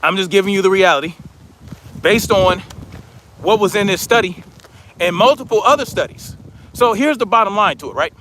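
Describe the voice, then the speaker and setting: A man's voice: high-pitched, lively intonation, normal speed, pauses often, pushed and bright, slight background noise. Heated, profane man ranting on a livestream. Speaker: livestream commentary host. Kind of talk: casual livestream rant.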